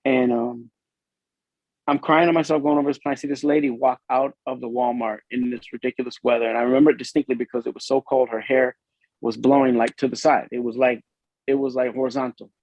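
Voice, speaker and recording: A police officer from Illinois speaks with a gravelly, fry-edged voice at an ordinary pitch, sharing an earnest and emotional testimony in a podcast interview. His speech halts and restarts as he works through the story. The recording is dull and lo-fi, with a dry, close sound. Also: flat delivery, fast, a little mellow, dry recording. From Illinois, USA.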